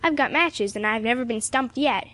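Woman doing a cocky teen boy in a storybook, brisk and sure of himself, a bit high. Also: a bit bright, natural voice. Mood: confident. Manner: brisk, confident, boastful. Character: bold, cheerful teenage boy leader.

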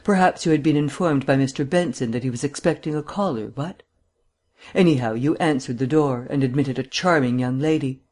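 A man reading an audiobook, voicing a cool, cynical gentleman detective with a drawling, mildly mocking manner. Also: medium pitch, fairly quick, lightly acted. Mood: cool, probing.

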